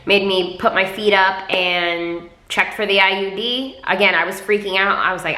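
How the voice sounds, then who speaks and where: A woman's voice: mid-range voice, fairly even intonation, moderate pace, pushed and bright. A young woman vlogger telling a personal story to camera in a candid, chatty way, with lots of filler words. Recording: echoey room.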